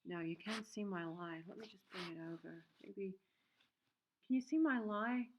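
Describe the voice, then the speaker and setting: A woman's voice: medium pitch, moderate pace. A woman hosting a casual livestream from her workshop, chatting in a rambling way with many fillers and reading out viewer comments. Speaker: livestream host and soap maker. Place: home workshop. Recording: dull, lo-fi stream audio.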